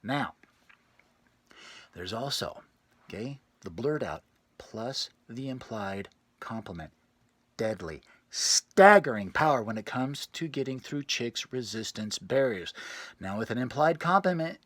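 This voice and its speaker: A man playing a boastful, sleazy male pickup guru in a parody self-help lecture, sinking to low murmurs and bursting into loud scat exclamations. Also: no room sound. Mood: smug. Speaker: self-styled dating coach.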